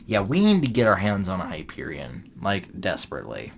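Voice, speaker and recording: A man's voice: low-pitched, huge pitch swings, brisk, creaky. A man from Minnesota co-hosting a podcast, chatting casually in a dry, teasing way. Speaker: podcast co-host. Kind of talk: casual chat. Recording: faint background hiss.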